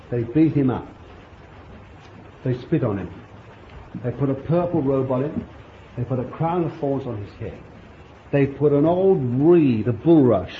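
A man preaching a sermon, telling the story vividly and swinging between loud appeals and hushed asides. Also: mid-range voice, slight background noise. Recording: echoey dull room recording.

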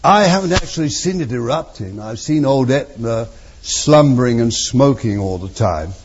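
A man preaching a sermon with fervour, his voice moving from near hushes to strong, drawn-out exclamations. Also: medium pitch, expressive, lo-fi sound, a little hiss or hum. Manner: fervent, swinging from soft to loud, drawn-out phrases.

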